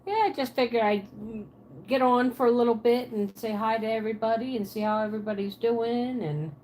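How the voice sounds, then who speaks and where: A woman's voice: on the high side, fairly quick, darkish tone, a little hiss or hum. A woman from Pennsylvania with a Pennsylvania Dutch accent and a Southern twang, chatting casually on a livestream from her apartment and answering viewers' comments aloud.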